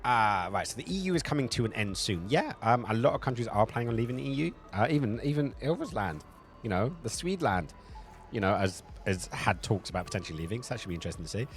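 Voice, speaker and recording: A man's voice: on the low side, very animated, fast talker, faint music behind. Rambling South London Cockney man. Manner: rambling, swears freely, reads out chat. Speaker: live streamer. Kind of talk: casual live-stream chat.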